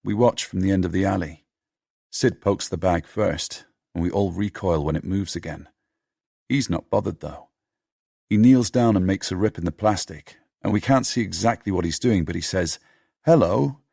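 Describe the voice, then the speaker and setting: A man narrating an audiobook in a steady, measured storytelling manner. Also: sits low, creaky, husky, no echo, clean studio sound.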